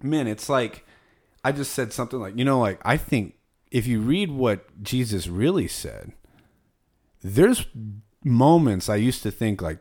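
A man's voice: medium pitch, expressive, unhurried, darkish tone. A man hosting a casual podcast chat, telling stories in a profane, heated way.

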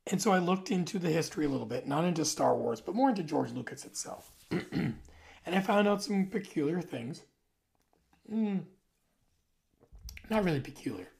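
A vlogger with a heavily creaky, gravelly voice chats to the camera in a loose, wandering monologue. They are in their forties, trail off mid-thought and circle back to fix what they said. The pitch sits in a middle register. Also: animated, moderate pace, long pauses, darkish tone. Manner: rambling, loose, trails off and corrects himself. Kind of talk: casual rambling monologue to camera.

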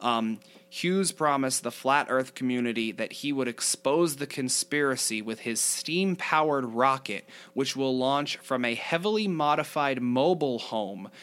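A man's voice: medium pitch, a bit bright. A man reading a news article aloud as a podcast co-host, stopping for asides and laughing at the story. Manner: reads quotes aloud, laughs often at the story; breaks off with fillers and asides.

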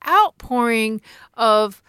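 Podcast guest: a woman author, chatty, with a smooth voice recorded dry. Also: fairly high pitch, lively intonation, slow, bright, forceful tone, dry recording. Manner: chatty, laughs often. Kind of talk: casual podcast chat.

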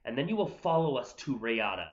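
A man voicing a mysterious male stranger at a campfire in a tabletop game, speaking low and solemn on a dull lo-fi recording. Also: sing-song, fairly quick, natural voice.

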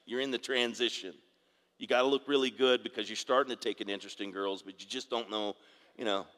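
A middle-aged pastor preaches conversationally in a large hall, tossing in asides and calling out questions to the congregation. His medium-pitched voice is steady yet sharp, moving a little fast.

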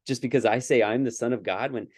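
A man's voice: mid-range voice, fairly even intonation, fast talker, a little mellow, no echo. A man co-hosting a casual scripture discussion, earnest and thinking aloud with many fillers and restarts. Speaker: podcast co-host.

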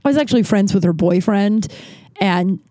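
Giggly, mellow-toned woman podcast host. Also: medium pitch, lively intonation, normal speed, dry recording. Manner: rambling, self-interrupting, laughs through her story. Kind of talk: casual storytelling monologue.

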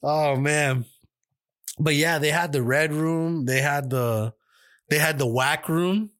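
A man's voice: fairly high pitch, measured pace, a bit bright. A man co-hosting a podcast, rambling through a profane story in casual chat and acting out the quoted voices. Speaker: podcast co-host.

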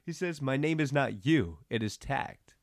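A young man co-hosting a casual anime recap podcast, animated and slangy, often laughing. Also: medium pitch, measured pace, dry recording, studio quality. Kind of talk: casual chat.

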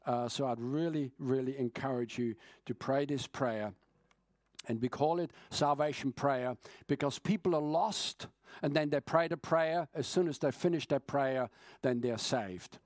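A man preaching an evening sermon, earnest and urging, speeding up and slowing down to stress his points. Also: mid-range voice, a little mellow, dry recording, clean studio sound.

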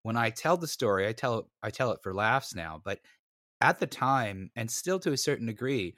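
A man's voice: medium pitch, normal speed, no echo, studio quality. A man co-hosting a podcast, telling a story in casual chat and acting out the voices of the people in it with a self-mocking manner. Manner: animated, acts out voices in anecdotes, self-mocking. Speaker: podcast co-host.

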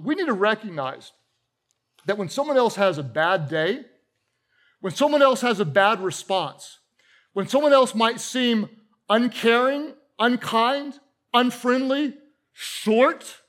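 A middle-aged man, a pastor, preaching a sermon to a church congregation with animated storytelling and humorous asides. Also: high-pitched. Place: church auditorium with a live congregation.

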